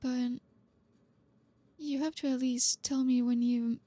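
A woman voicing a blunt, reserved young woman who is gruff but caring, talking to the listener in an audio role-play in a halting, awkward way. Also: high voice, level tone, mellow, no echo. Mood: awkward, tender. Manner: halting, awkward, stumbling over words.

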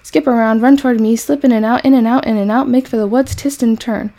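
A woman voicing an excitable, bossy female farm goose who hollers orders and repeats her words. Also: fairly high pitch, fast talker, creaky. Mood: excited urgent.

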